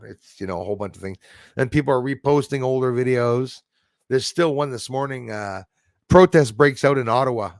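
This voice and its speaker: A man chatting on his livestream in a rambling, opinionated way. His voice has a gravelly edge and sits at a middle pitch. The sound is dry and close, with no room around it. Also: no room sound. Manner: rambling, opinionated, laughs at his own jokes. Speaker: livestream host. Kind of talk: casual livestream chat reading viewer comments.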